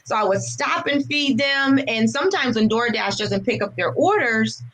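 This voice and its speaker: A woman's voice: on the high side, expressive, normal speed, fairly bright tone, poor audio. A woman, a veteran, telling her story of faith and service in an earnest, heartfelt way during an interview. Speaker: guest, veteran and nonprofit founder. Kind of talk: personal testimony in an interview.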